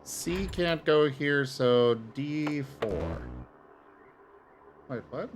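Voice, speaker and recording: A man's voice: a little high, expressive, very slow, background noise. A man co-playing a puzzle game in casual chat, thinking aloud as he works it out. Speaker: co-player on a game stream.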